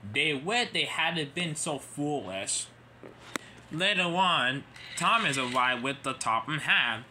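Amateur male storyteller, slow and halting, lively bright delivery, faint hiss. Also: on the high side. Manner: halting, with slips and restarts.

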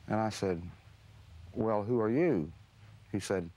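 A middle-aged man, telling memories slowly in an interview, pausing with uh and restarting his sentences. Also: lowish voice, a little mellow. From Mississippi, US. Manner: slow, musing, with frequent uh and restarts. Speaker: author interviewed. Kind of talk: reflective storytelling interview.

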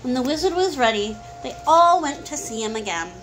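A woman reading a picture book aloud to a child in a calm, clear storytelling manner. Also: high-pitched, fairly quick, soft background music, rough recording. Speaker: storybook reader.

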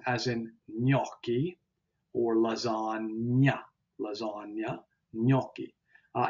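A man teaching pronunciation in a relaxed, conversational way, pausing on fillers and correcting himself as he goes. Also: mid-range voice, muffled recording. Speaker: language teacher. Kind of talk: explaining pronunciation.

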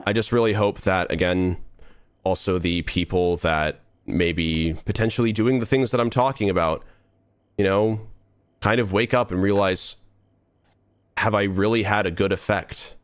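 A man's voice: deep voice, moderate pace, no room sound, clean studio sound. Earnest young man rambling on stream. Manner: rambling, earnest, many restarts and trailing asides. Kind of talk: casual live-stream monologue while gaming.

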